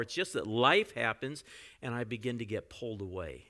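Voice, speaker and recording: A pastor preaching a sermon in a conversational way, with frequent asides to the congregation. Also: male voice, medium pitch, big pitch swings, brisk, sharp tone.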